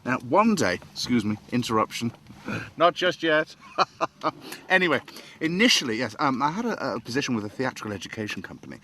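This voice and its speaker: A man's voice: medium pitch, very animated, fairly quick, bright, forceful tone, a little hiss or hum. A man telling a long, self-mocking story about how he became an actor, chuckling as he goes. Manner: jokey, self-mocking, chuckles between lines. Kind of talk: anecdotal monologue to camera.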